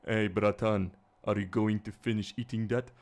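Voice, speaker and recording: A man's voice: on the low side, fairly even intonation, normal speed, darkish tone. Man putting on a brash Eastern European street tough. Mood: mocking tough. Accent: exaggerated Eastern European. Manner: gruff, confrontational, mocking.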